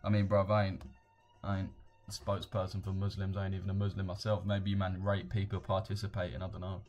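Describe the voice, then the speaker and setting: A man's voice: sits low, completely flat delivery, fast talker, darkish tone, faint music behind. A young man with a London accent, chatting casually and rambling in slang on a live trading stream. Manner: slangy, rambling, reads chat aloud.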